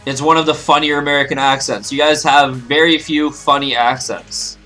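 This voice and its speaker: A man's voice: fairly high pitch, steady tone, normal speed, bright, forceful tone, faint music behind. A man giving casual, rambling, joking commentary as he plays a video game. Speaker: let's play host.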